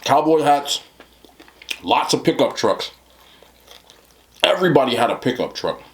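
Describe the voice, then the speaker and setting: Rambling New Jersey man with lively pitch. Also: unhurried. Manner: rambling, laughing, lots of "you know what I'm talking about". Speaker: mukbang host. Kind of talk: casual storytelling to camera.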